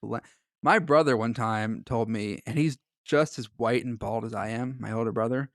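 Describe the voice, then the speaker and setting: Gravelly-voiced man, casual podcast host. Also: medium pitch, moderate pace, no echo, clean studio sound. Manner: joking, rambling, laughs often. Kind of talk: casual podcast chat and story reading.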